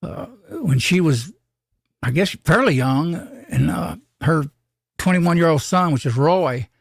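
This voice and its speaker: A man's voice: fairly high pitch, animated, unhurried, creaky, dry recording, studio quality. An older man, hosting a casual live stream and telling rambling, folksy stories with frequent restarts.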